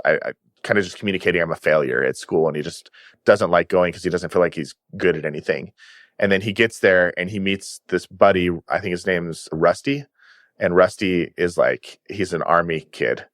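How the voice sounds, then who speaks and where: A man's voice: deep voice, moderate pace, a bit bright, dry recording, studio quality. A man guest on a podcast, chatting casually and retelling cartoon episodes with eager, filler-laden enthusiasm.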